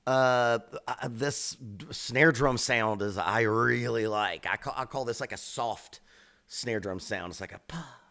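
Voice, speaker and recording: A middle-aged man reacting to songs as a drum teacher, in a blunt, opinionated, casual voice of medium pitch. He swears freely and leans hard on words he cares about, breaking into sudden bursts of emphasis. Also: takes it slowly, bright, forceful tone.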